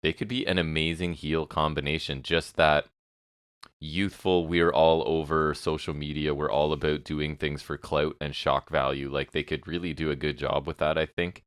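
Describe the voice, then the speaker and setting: A man with an extremely deep voice co-hosts a podcast and trades opinionated, sarcastic takes in casual chat. He throws in quick asides. The close mic is dry and dead, with no room sound. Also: flat delivery, a bit bright, clear, resonant tone, no room sound. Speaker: podcast co-host. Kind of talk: casual wrestling recap chat.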